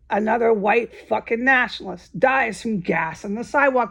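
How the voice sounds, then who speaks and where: Woman vlogger, angry profane rant, raspy and a bit high-pitched. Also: normal speed, hardly any pauses. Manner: agitated and profane, voice rising to near-shouts. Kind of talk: angry ranting monologue.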